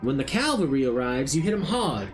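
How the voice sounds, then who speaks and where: A man doing a folksy rough-spoken rogue. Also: high voice, expressive, moderate pace, music in the background, pitched above the performer's own voice. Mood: scheming. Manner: folksy dropped-g drawl, put-on rustic accent. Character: rough-spoken older male rogue schemer.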